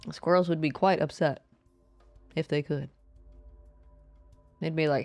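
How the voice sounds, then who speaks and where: A woman streaming a game live, chatting casually and playfully with her viewers and greeting them in a high sing-song voice. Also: fairly even intonation, unhurried, pauses often, a little mellow, soft background music. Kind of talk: casual live-stream chat while gaming.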